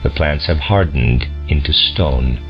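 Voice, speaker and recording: A man reading a lecture aloud in a slow, deliberate, solemn manner, on a dull lo-fi recording. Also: rumbling low, faint music behind. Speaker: audiobook reader.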